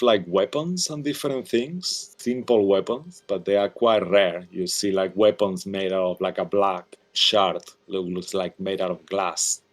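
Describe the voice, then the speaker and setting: A man narrating a tabletop game as game master, hesitant, with many ums and likes. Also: deep voice.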